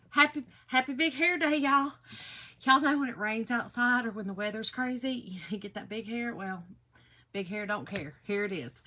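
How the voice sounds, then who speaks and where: A chatty, bubbly middle-aged woman with a Southern US drawl, hosting a live crafting stream and greeting viewers one by one. Her voice sits a little high and rings bright and forceful. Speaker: craft livestream host. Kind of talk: casual live chat while crafting.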